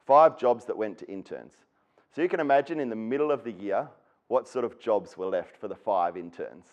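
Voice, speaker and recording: A man's voice: on the low side, lively intonation, moderate pace, lo-fi sound. A man with an Australian accent, from Western Australia, giving a personal storytelling talk at an education event. He speaks earnestly and acts out the people he quotes.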